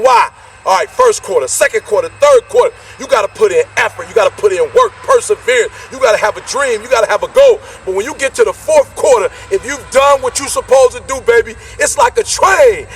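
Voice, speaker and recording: High-pitched fired-up motivational speaker man. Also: moderate pace, distant mic, slight background noise. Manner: energetic, preachy, repetitive call-and-response. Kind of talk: motivational speech.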